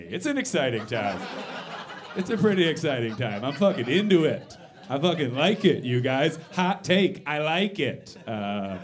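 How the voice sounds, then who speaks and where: A man in his thirties performs stand-up in a basement club. His voice sits a little high and swings widely in pitch. He swears freely, mocks himself and throws quick asides at the audience. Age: 30s. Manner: profane, self-mocking, quick asides to the crowd. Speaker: stand-up comedian. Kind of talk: live stand-up set. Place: basement comedy venue.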